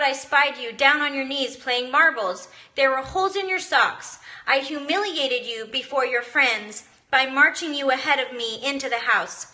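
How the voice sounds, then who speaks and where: A woman's voice: sits high, pushed and bright. A young mother reading a passage from a book aloud, earnest and emotional, tearing up at times. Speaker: mom vlogger.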